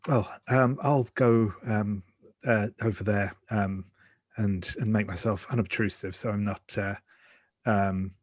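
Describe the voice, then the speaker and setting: Husky man, halting, full of fillers. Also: on the low side, fairly even intonation, no room sound. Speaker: player. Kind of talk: tabletop role-play.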